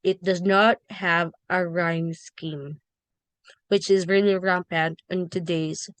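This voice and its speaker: Lady teacher going over poetry, slow and halting, lowish voice, dry sound. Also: flat delivery, clean tone, no echo. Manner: slow, halting explanation with fillers and self-corrections. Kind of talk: classroom lecture on poetry.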